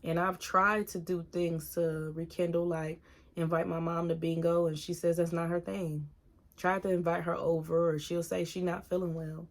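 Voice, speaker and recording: A woman in her thirties talking openly in a personal vlog, earnest and halting, at times giving direct advice to viewers. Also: lowish voice, level tone. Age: 30s. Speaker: single mom vlogger.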